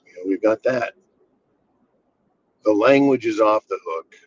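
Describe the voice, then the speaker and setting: A US man who hosts a channel rants in a blunt, sarcastic, profane commentary monologue, keeping a measured pace. His fairly low voice has a breathy edge, with no room sound, though the recording is slightly dull and lo-fi.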